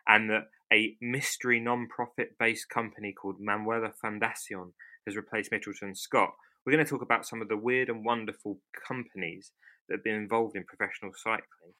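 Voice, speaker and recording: Bright-voiced young podcast host. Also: male voice, lowish voice, steady tone, fairly quick. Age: 20s. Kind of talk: casual podcast chat.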